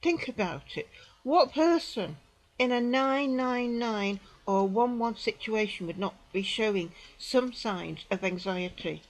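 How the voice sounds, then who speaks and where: A British woman in her sixties, telling her own story to the camera in an emphatic, indignant way, repeating phrases and dropping into quiet asides. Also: fairly high pitch, lively intonation, unhurried, low-quality recording. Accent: British English. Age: 60s. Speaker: vlogger recounting an experience. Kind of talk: indignant personal account to camera.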